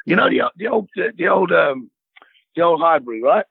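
A man's voice: a little high, sing-song, fairly quick, vocal fry, slightly rough, dry recording, phone-quality sound. A man with a South East London accent, telling stories in casual chat as a guest, swearing freely and calling people mate.

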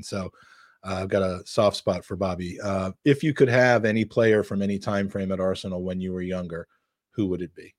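A man's voice: on the low side, no room sound, clean studio sound. A man hosting a podcast, reading listener questions and praising his co-host with enthusiasm. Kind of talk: casual podcast chat.

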